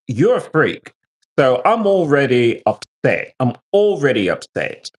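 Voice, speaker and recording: Animated profane man ranting on stream. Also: medium pitch. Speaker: livestreamer and military veteran. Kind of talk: live-stream rant to chat.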